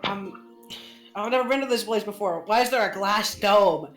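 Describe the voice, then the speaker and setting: A woman voicing an excitable aging male hermit scholar who is easily awed and prone to outbursts. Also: medium pitch, normal speed, lightly acted. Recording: roomy with faint music.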